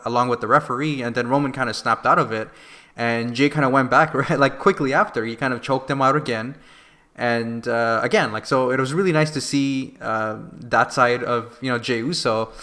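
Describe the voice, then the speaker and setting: A man co-hosting a podcast, retelling a wrestling event in an animated, casual way full of fillers. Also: mid-range voice, moderate pace. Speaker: podcast co-host. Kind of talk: casual wrestling review chat.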